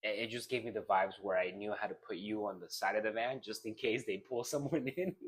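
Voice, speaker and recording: A young man with a lowish, slightly rough voice co-hosts a casual podcast, talking briskly. He rambles through a story and laughs often.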